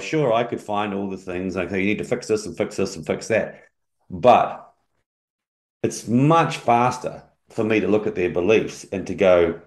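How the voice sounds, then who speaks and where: A business coach with a very low voice talks through a casual podcast chat. He tells stories and acts out both sides of his conversations with clients. The sound is roomy, with a noticeable echo. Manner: animated storyteller who acts out client dialogues.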